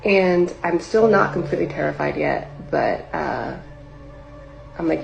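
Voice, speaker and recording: Gravelly low-voiced woman telling a story. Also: expressive, a little slow, soft background music, rough recording. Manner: rambling, heavy use of filler "like", acts out her own past lines. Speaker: singer telling a personal story.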